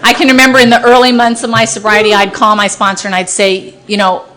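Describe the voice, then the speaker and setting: A woman's voice: medium pitch, level tone, fast, sharp tone. A woman lawyer sharing her personal recovery story with an audience, self-mocking and often laughing at her own story. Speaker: speaker at a recovery meeting.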